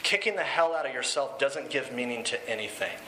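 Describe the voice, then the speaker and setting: A man voicing a calm, firm male recovery group leader who speaks in a measured, steady way. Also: mid-range voice, voice pushed down. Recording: echoey room with faint hiss.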